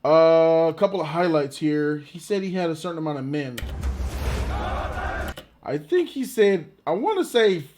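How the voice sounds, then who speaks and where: A man giving a casual, rambling reaction to a movie trailer, excitable and quick to laugh. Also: a little high, noisy background.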